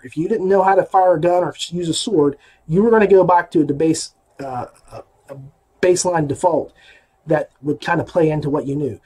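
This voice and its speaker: A man with a notably high-pitched voice talks through an audiobook review in a loose, conversational way. He is opinionated and throws in emphatic asides as he goes. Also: darkish tone. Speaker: podcast host reviewing audiobooks. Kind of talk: casual spoken review.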